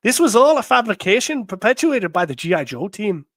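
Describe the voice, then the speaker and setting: A man's voice: high-pitched, sing-song, brisk, fairly bright tone, pitched above the performer's own voice, full character voice. A man reading a stern male villain's lines in a put-on Scottish accent.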